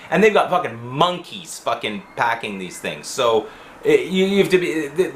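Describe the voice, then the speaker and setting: A man's voice: fairly high pitch, bright, forceful tone, reverberant. A man ranting in a profane monologue for his video blog, swearing constantly. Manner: swears constantly, rants angrily. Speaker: vlogger.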